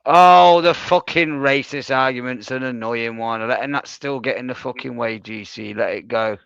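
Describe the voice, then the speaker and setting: A man's voice: mid-range voice, moderate pace, vocal fry, a bit bright, clean tone, no echo. A man co-hosting a casual late-night live stream chat, laid-back, swearing, and greeting viewers. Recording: dull lo-fi mic.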